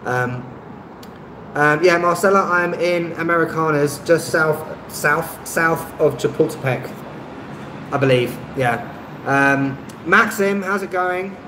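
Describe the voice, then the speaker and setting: A travel YouTuber hosting a live stream reads and answers comments in casual chat, rambling and hesitant, with lots of ums and self-deprecation. His voice is a little high and slow, recorded on a phone on a stabilizer in a roomy space with a noisy background.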